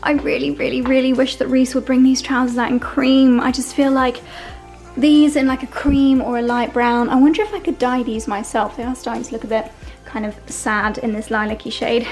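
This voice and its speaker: A woman's voice: high voice, level tone, moderate pace, darkish tone, soft background music. A young woman, chatting casually through a fashion try-on vlog, gushing and easily sidetracked. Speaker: fashion vlogger.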